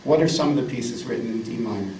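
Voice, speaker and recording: A man's voice: mid-range voice, quick pace, darkish tone, a little hiss or hum. A man in his fifties giving a live lecture as a pianist, emphatic and jokey, repeating words for effect. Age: 50s. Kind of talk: live music lecture with piano examples. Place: salon lecture room indoors. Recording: roomy, distant live recording with piano.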